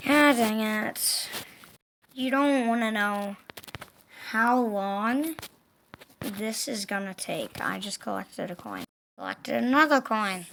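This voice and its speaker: A woman giving casual gaming commentary, excitable, yelping and groaning at the game and talking to herself. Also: on the high side, gravelly, a little hiss or hum. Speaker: gameplay commentator.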